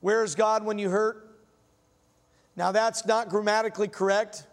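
A man preaches from the pulpit in a church sanctuary with a long hall reverb behind him. His voice sits high for a man. He keeps it folksy, telling stories and asking the congregation questions. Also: steady tone, moderate pace. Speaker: pastor. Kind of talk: sermon.

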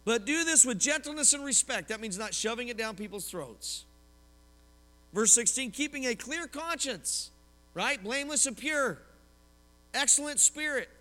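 Male pastor, high and bright, lively sermon with stories, in a reverberant hall. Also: normal speed. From Oklahoma, US. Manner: lively preaching with personal stories and questions to the congregation.

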